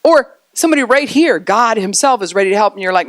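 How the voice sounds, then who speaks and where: A woman's voice: medium pitch, animated, quick pace, no room sound. A woman pastor giving a conversational sermon, often acting out the voices of the people and children she quotes.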